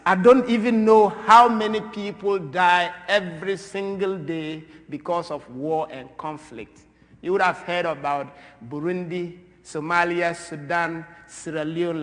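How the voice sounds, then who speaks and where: A man from Ghana giving an impassioned talk in a church, swinging between loud, forceful bursts and quiet asides. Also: a little high. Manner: animated, swings from loud to soft. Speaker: speaker at a church. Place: large church. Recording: long reverb of a large church.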